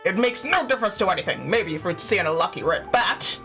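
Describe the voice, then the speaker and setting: A dismissive senior police boss with a clipped, unimpressed delivery, read aloud by a woman on stream. The lines land flat and curt, with soft game music in the background. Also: lowish voice, brisk. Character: dry, dismissive male deputy commissioner.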